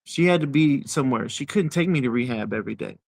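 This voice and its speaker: A man in his forties, an interview guest telling his personal story in a halting way, repeating words as he goes. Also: mid-range voice, expressive, gravelly, dry recording.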